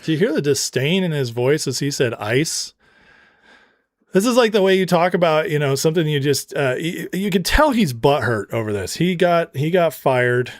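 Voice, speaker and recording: A man's voice: a little high, animated, normal speed, dry recording, clean studio sound. A man hosting a political commentary show, ranting with heated scorn and slipping into storytelling asides. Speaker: show host.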